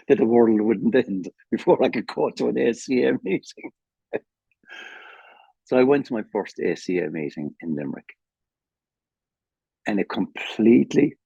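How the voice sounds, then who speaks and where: An older Irish man with a very deep, gravelly voice tells his own story at a recovery meeting, candid and emotional, with plenty of swearing. His tone is dark and husky. The video call audio sounds dull and lo-fi. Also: no echo. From Ireland. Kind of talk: personal testimony.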